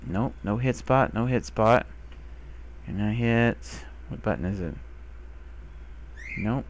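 A young man giving casual commentary while playing a video game, who talks to the animals he finds and gets excited, sometimes swearing. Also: fairly low pitch. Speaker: gamer. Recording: faint background noise.

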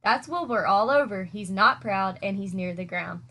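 A woman reading as a gentle, wise spider. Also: mid-range voice, normal speed. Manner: calm, soothing, tired.

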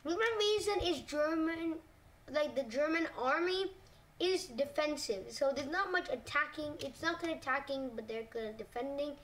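A high-pitched woman talks through a map scenario in loose, casual narration. She hesitates a lot, fills gaps with little words and corrects herself mid-sentence. She sits well away from the mic, with a faint hiss behind her. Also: animated, moderate pace, fairly bright tone, far from the mic. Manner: hesitant, full of "like" and self-corrections.

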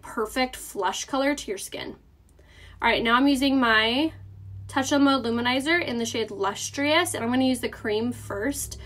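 Chatty woman host, slightly high voice, live makeup demo while reading viewer comments. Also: a bit bright. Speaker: makeup seller.

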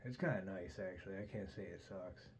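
A man's voice: sits low, a little fast, slight background noise, poor audio. A middle-aged man hosting a podcast, rambling through a casual story with constant swearing and "dude". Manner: profane, says "dude" constantly. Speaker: podcast host.

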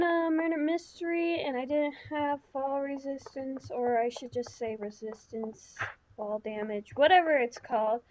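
A woman's voice: sits high, muffled recording, a little hiss or hum. A woman giving chatty, rambling let's-play commentary, talking to herself with lots of fillers. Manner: rambling, chatty self-talk with many fillers. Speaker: gaming channel host.

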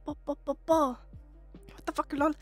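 Young woman, streamer, casual chat, giggly, high voice, faint music. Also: steady tone, normal speed. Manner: giggly, exclaims a lot.

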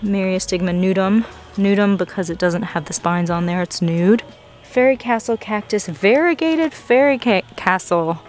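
A young woman filming a casual plant-shopping vlog in a nursery, gushing excitedly over the plants she finds. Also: medium pitch, moderate pace, faint music behind. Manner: excited, gushing, frequent gasps. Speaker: plant vlogger.

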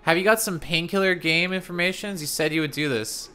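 Playful male game streamer, slightly high. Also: fairly quick, sharp tone, slight background noise. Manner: playful, teasing, reads chat aloud. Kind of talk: casual live game commentary.

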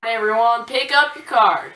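A woman's voice: fairly high pitch, expressive, normal speed, bright, forceful tone, reverberant, slight background noise, low-quality recording. A woman playing the narrator of a party game in an amateur murder short film. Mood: bossy.

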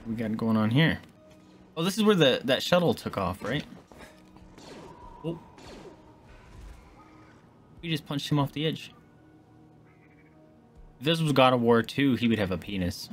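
Excitable swearing male game streamer. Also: mid-range voice, unhurried, long pauses, soft background music. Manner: excitable, swears a lot, jokes at the screen. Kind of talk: casual gameplay commentary.

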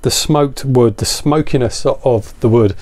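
A man's voice: mid-range voice, measured pace, a little mellow. A man, a little out of breath, chatting casually and enthusiastically as he reviews a beer on camera.

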